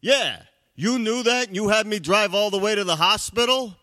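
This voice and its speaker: A man voicing a gruff, blunt older Sicilian-American father. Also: mid-range voice, big pitch swings, a little slow, dry recording, studio quality. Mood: indignant.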